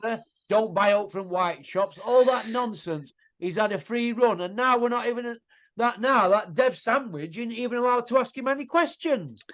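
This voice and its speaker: A man's voice: very high voice, moderate pace, fairly bright tone. A middle-aged man, hosting a casual boxing chat, blunt and mocking, full of rhetorical tag questions. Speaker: boxing pundit host. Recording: muffled lo-fi audio.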